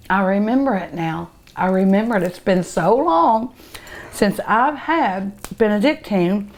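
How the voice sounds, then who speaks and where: A woman's voice: mid-range voice, lively intonation. A middle-aged woman with a drawl savors food on her cooking show, taking her time and lingering over every word. She gushes openly and hums with pleasure between bites. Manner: savoring and gushing, with many drawn-out hums of delight.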